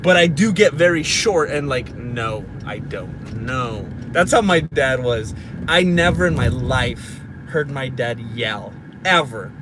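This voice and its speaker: A man's voice: a little high, lively intonation, a little slow. A man in his thirties telling a story in a casual vlog from his car, dramatic and self-mocking. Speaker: vlogger. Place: inside a car. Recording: car and street noise.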